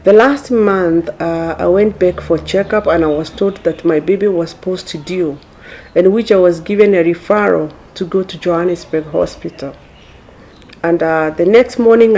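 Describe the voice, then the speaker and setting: Creaky-voiced woman speaking hesitantly. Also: fairly low pitch, a little mellow. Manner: hesitant, many pauses with "uh". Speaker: interviewee. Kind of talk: documentary interview testimony.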